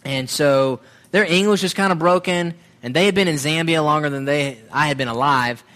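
A man from Southern Alabama with a Southern accent, telling a personal testimony in a sermon-style talk, storytelling and animated, then quieting into reflection. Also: on the high side, normal speed. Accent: Southern American (Alabama). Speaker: speaker giving a testimony.

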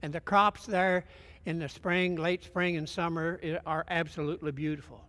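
A man's voice: fairly high pitch, moderate pace. Folksy preacher man in an echoing hall. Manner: folksy, animated retelling with acted quotes. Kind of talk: sermon storytelling. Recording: long hall reverb.

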